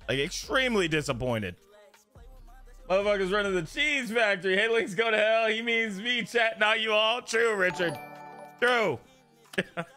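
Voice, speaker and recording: During a live roleplay stream, a male game streamer with a high voice chats excitably with his viewers and swears freely.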